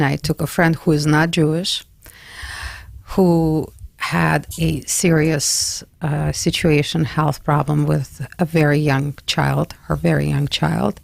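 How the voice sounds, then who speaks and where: Gravelly voice, radio host, dry close sound, halting storytelling. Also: medium pitch, dry recording. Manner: recounts a personal story with many fillers. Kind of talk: conversational radio interview.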